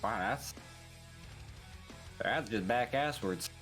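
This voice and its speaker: A man taking his turn in a tabletop game, talking in a folksy, laid-back drawl. His voice sits at an ordinary pitch, and his questions trail off. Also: slow pace, a bit bright, faint music behind. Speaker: player. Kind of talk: in-character play.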